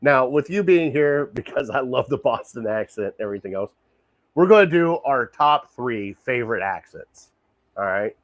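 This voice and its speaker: A man's voice: medium pitch, expressive, moderate pace, dry recording. A man hosting a casual sports podcast, enthusiastic and laughing often, repeating himself. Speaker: podcast host.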